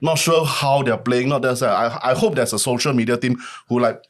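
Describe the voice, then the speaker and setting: Easygoing man, laughing as he talks. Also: mid-range voice. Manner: laughs easily, halting restarts. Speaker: football podcast co-host. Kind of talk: casual chat.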